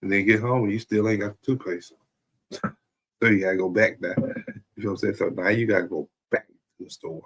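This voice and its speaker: A man's voice: lowish voice, steady tone, brisk, pauses often, fairly bright tone. A man talking in a loose, rambling comedic monologue as a stream host, often checking in with "you know what I'm saying". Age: adult.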